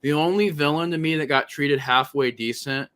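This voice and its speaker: A man hosting a podcast in casual movie talk, animated and profane, often acting out lines he quotes. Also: a little high, normal speed. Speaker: podcast host.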